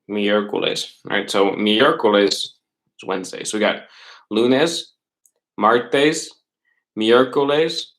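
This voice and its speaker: A middle school Spanish teacher patiently leads a recorded online class over webcam, repeating words slowly and using fillers and checks like "right?". His voice is fairly low and fairly bright, and the recording quality is poor.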